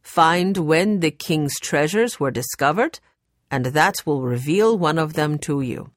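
A woman voicing a cautious adult male gallery owner in an audiobook, reciting slowly and deliberately. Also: low voice, lively intonation, no room sound, clean studio sound.

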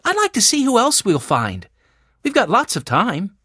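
Storybook big sister, brisk and motherly, voiced by a woman reader, brighter than the narration. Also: medium pitch, huge pitch swings, slightly rough, no echo, clean studio sound, voice pushed up, heavily acted. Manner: brisk, organizing. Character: older sister, practical and motherly.

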